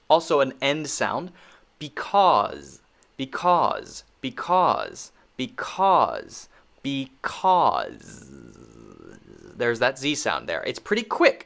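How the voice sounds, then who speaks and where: Man, American accent, pronunciation teacher, slow deliberate pace, playful, repeats words for drill. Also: medium pitch, fairly bright tone. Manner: playful, repeats words slowly for drill, drops to near whispers. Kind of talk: casual online pronunciation lesson.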